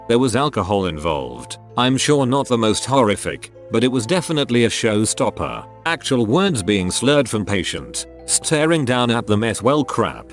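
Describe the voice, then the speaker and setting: A man narrating online stories from a script, wry, with joking asides between them. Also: on the low side. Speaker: story narrator.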